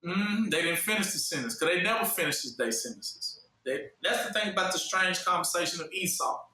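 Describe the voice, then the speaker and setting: A man preaching a sermon, posing questions and pausing for listeners to fill in the answer. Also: sits high, expressive, sharp tone. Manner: call-and-response questions, fill-in-the-blank pauses. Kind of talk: sermon teaching. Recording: echoey room from far off.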